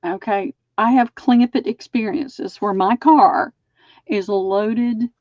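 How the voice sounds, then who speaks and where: A woman's voice: fairly high pitch, takes it slowly, a little mellow, dry recording, dull audio. Chatty woman. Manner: chatty, measuring and describing items aloud. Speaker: online sale host. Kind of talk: live-streamed sale pitch.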